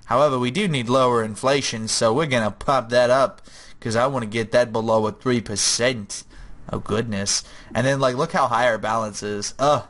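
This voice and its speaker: A man's voice: medium pitch, normal speed, fairly bright tone. A young man giving casual, rambling gameplay commentary, chatty and jokey.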